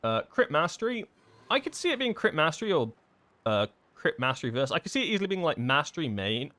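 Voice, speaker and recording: A man's voice: a little high, very animated, fairly quick, bright, forceful tone. A man live-streaming a game, chatting casually and thinking aloud, full of fillers and restarts as he answers chat questions.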